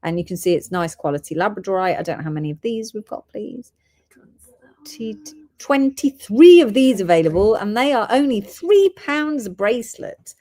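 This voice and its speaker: A woman's voice: mid-range voice, very animated, normal speed, warm tone. A woman hosting a live gem sale, chatting and reading out orders and codes.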